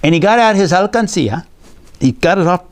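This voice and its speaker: A man telling a bilingual story for children, slow and playful as a storyteller and teacher. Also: high-pitched, lively intonation, a little hiss or hum. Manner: slow, playful, mixes in words.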